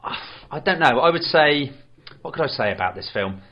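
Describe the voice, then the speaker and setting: A man co-hosting a podcast, chatting casually about a film in a hesitant, rambling way with many pauses and fillers. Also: mid-range voice, expressive, dull audio. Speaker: podcast co-host. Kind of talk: casual film review chat.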